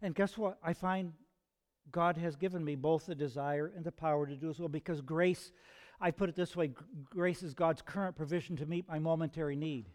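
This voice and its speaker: A man preaching from the pulpit, his voice sitting fairly high for a man. He talks earnestly and conversationally, stumbling into restarts and throwing rhetorical questions at his listeners. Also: fairly even intonation, moderate pace, darkish tone. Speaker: pastor. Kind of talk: sermon.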